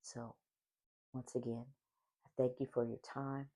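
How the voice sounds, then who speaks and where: A man's voice: mid-range voice, flat delivery, unhurried, warm tone. A man hosting a solo faith-based podcast, talking with a smile in his voice and repeating affirming phrases. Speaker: podcast host.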